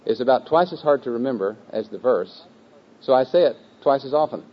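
A man leads a room through memorizing a scripture verse, patient and unhurried. He repeats each phrase slowly, with a few relaxed fillers along the way. The recording sounds dull and lo-fi, and his voice sits at an ordinary middle pitch for a man. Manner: patient, repetitive, slow chanting of phrases with a group. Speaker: teacher leading scripture memorization. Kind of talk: group teaching session. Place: room with a live group.

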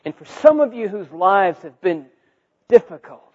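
Man, sermon, lively storytelling, acts out voices, high voice, muffled sound. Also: normal speed. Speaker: preacher.

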